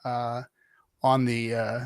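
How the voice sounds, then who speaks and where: A man's voice: mid-range voice, monotone, takes it slowly, gravelly, smooth, no room sound. A middle-aged man chatting casually on a livestream, spinning a long anecdote and acting out other people's lines. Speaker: livestream guest telling stories. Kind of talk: casual storytelling chat.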